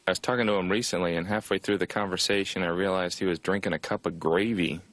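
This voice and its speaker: A man from Indiana voicing a cartoon comedian in therapy, delivering a dry, deadpan stand-up monologue. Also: deep voice, quick pace, dry recording.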